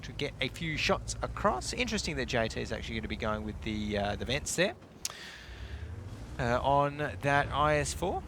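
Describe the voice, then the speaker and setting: A man co-casting a live esports match, excitable and casual, often stumbling over his words. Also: mid-range voice, moderate pace, a little hiss or hum. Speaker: esports co-caster.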